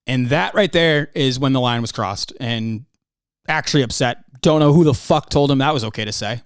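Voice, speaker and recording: A man's voice: mid-range voice, normal speed, clean tone, no echo, studio quality. A young man hosting a solo podcast, ranting in a heated, profane way. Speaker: podcast host. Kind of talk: angry solo podcast rant.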